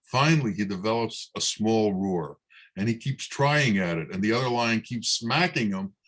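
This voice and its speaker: A man, a Sufi teacher, giving a spiritual talk in a slow, measured storytelling manner. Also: on the low side, animated, fairly bright tone.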